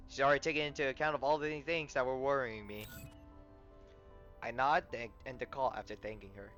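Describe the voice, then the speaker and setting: A man reading the narration and his own character's lines in a game playthrough, stumbling and correcting words, with loud excited reactions. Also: medium pitch, a little fast. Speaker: gamer reading a story aloud. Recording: slightly muffled, soft game music behind.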